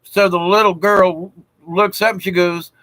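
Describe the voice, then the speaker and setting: A man's voice: sits high, flat delivery, measured pace, bright, forceful tone, no echo, low-quality recording. A man from South Georgia, telling jokes in a folksy, chuckling way on a live stream. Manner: folksy and chuckling, with frequent fillers. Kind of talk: casual joke-telling chat.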